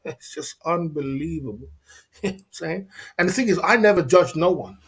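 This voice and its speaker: A man's voice: fairly high pitch, brisk. Indignant man ranting on a livestream. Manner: indignant, repetitive, slangy, laughs often. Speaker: livestream host. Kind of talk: casual livestream rant.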